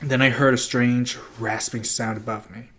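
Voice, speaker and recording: A man's voice: mid-range voice, moderate pace. Male amateur audiobook reader. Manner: steady first-person storytelling with small slips.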